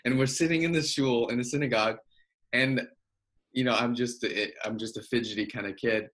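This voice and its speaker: A man's voice: mid-range voice, fairly even intonation, fairly quick, a bit bright. A man hosting an interview, asking long, searching questions full of fillers. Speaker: podcast host, interviewer. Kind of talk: casual interview conversation.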